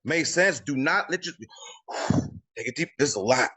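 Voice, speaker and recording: A man's voice: a little high, lively intonation, moderate pace, a bit bright. A man coaching a live group call, emphatic and repetitive, often tacking on "y'all". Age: adult with children. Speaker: credit coaching host. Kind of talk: motivational coaching talk on a live video call.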